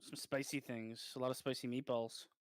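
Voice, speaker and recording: A man's voice: medium pitch, level tone, moderate pace. A man teasing his friends in a casual chat, joking and laughing often. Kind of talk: casual group chat while gaming.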